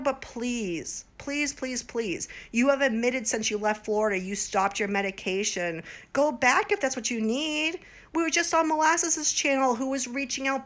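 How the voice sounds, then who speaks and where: A woman's voice: a little high, fairly bright tone. A woman in her forties, tipsy, hosting a livestream and rambling and pleading straight to her viewers. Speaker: livestream host.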